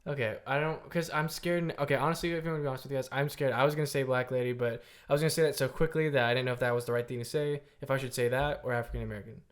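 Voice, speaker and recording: A young man co-hosting a casual podcast chat, excitable and quick to correct himself with nervous laughs. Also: medium pitch. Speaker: podcast co-host.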